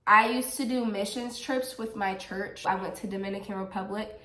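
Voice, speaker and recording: A young woman talks through viewer questions in a relaxed, chatty way. She laughs often and wears her feelings openly. The room around her is echoey. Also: medium pitch, normal speed. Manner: giggly and emotional, laughs often. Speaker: vlogger answering viewer questions. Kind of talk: casual Q&A chat. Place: home.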